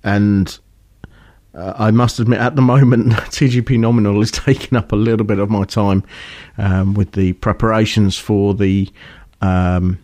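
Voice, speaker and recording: A man's voice: fairly low pitch, fairly even intonation, moderate pace, a little mellow, no echo, clean studio sound. A man hosting a podcast in casual chat, speaking hesitantly with lots of fillers. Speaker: podcast host.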